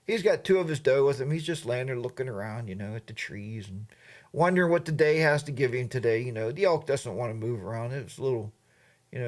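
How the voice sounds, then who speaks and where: A middle-aged livestream host with a mid-range voice rambles through a story and reads out chat comments, filling his talk with fillers and asides.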